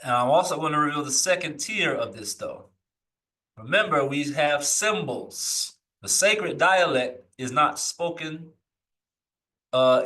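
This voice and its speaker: A man teaching a live lesson, reading old texts slowly aloud and then explaining them in loose, searching asides. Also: fairly high pitch, bright, forceful tone, distant mic, rough recording. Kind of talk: live recorded scripture lesson.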